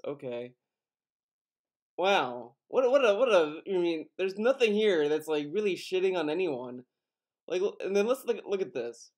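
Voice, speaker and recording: Young male commentator, higher-pitched, scornful and profane, exasperated edge. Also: big pitch swings, normal speed, a little mellow. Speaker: commentary youtuber. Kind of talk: sarcastic commentary.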